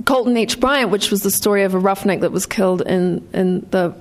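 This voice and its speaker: A woman's voice: medium pitch, a little fast. A woman born in England reading her own memoir with dry wit, then talking about writing it. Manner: dry, wry storytelling.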